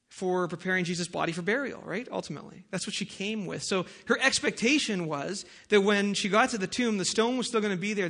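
A man with a notably high voice preaches a sermon. He talks in a relaxed, conversational way, with everyday asides and fillers. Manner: prays in a soft, lowered voice. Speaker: pastor.

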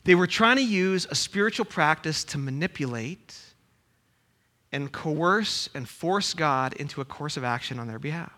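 A man's voice: on the high side, animated, normal speed, bright, forceful tone. A man preaching a sermon, reading scripture aloud and then explaining it with rhetorical questions. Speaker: pastor.

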